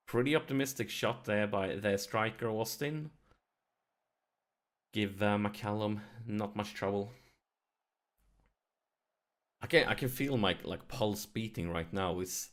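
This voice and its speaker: A man narrating his football management game, swinging from quiet muttering to shrieking excitement. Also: lowish voice. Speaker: let's play gamer. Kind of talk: excitable live game commentary.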